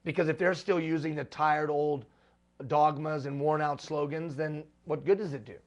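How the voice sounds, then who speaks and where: Man, motivational speaker, emphatic, repeats refrains, slightly higher voice. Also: fairly even intonation, moderate pace, muffled recording. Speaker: speaker addressing executive leaders. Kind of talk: live motivational talk.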